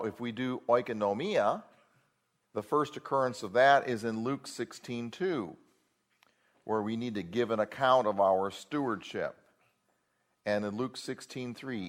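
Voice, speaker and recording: A man teaching a Bible word-study class, explaining step by step and checking in with rhetorical questions. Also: on the low side.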